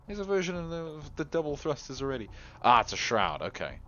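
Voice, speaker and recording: Chatty, animated man playing a game. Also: on the high side, fast talker, hardly any pauses. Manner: chatty, exasperated at the game, laughs at himself, hums tunes. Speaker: gameplay commentator. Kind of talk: casual let's-play commentary. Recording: slightly dull lo-fi recording with faint music.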